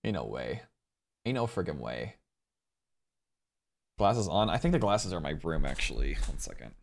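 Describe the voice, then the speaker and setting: Chatty man streaming with a lively voice. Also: low-pitched, normal speed, creaky. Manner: chatty and rambling, excitedly thanking viewers. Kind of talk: casual live-stream chat with viewers.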